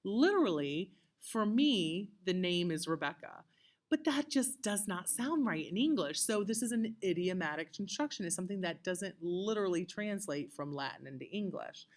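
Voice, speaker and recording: A woman's voice: medium pitch, animated, normal speed, few pauses, darkish tone. A woman teaching a recorded lesson, talking conversationally with many fillers and checking in with "okay?" often. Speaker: Latin teacher. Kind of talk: recorded lecture.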